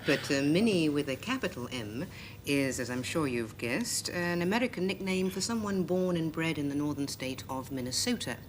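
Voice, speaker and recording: A woman, a guest on a panel game, giving a deadpan, precise mock definition. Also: sits low, normal speed, background noise.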